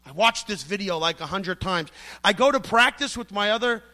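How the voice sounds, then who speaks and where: A man's voice: sits high, animated, normal speed, pushed and bright. A middle-aged man preaching a sermon, emphatic and storytelling, acting out the voices he quotes.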